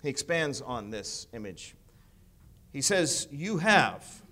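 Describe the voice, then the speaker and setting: A man preaching an expository sermon, emphatic and rising loud on key phrases, often asking his listeners questions. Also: mid-range voice, very animated, slow.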